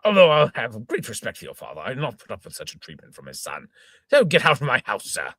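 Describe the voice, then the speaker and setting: Casting: a man playing a fuming old father, bright edgy tone, wildly swooping delivery, husky. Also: medium pitch, wildly swooping pitch, fast talker, dry recording, clean studio sound. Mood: indignant. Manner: sputtering oaths, exclaiming, shouting indignantly. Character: blustering old gentleman father, hot-tempered. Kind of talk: amateur reading of an old stage farce.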